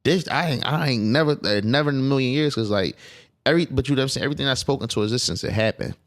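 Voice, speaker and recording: A man's voice: medium pitch, racing. A man talking as a guest on a podcast, casual and emphatic, with profane streetwise phrasing. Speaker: clothing designer guest.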